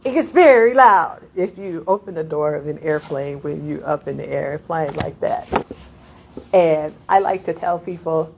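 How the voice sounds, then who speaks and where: A woman's voice: deep voice, unhurried, gravelly, slight background noise, poor audio. A middle-aged woman, a poet, telling a long, laughing anecdote at a reading, full of asides and "like" fillers. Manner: rambling, laughing, many "like" fillers.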